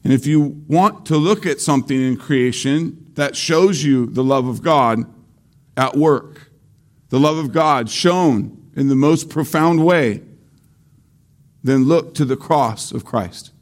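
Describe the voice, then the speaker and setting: A man preaching a sermon slowly and deliberately, repeating key phrases for emphasis. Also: medium pitch. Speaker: pastor.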